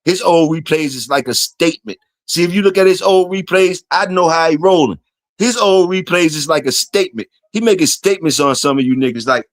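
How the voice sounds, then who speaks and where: A man's voice: high-pitched, a little fast, dry recording. A man hosting a casual solo livestream, talking loosely and profanely to his chat and reading comments aloud. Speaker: livestream host.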